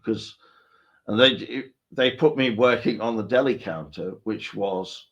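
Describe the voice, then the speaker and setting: A man's voice: fairly low pitch, measured pace, fairly bright tone, dull audio. A man co-hosting a casual live stream, joking and rambling over a call mic. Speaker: co-host.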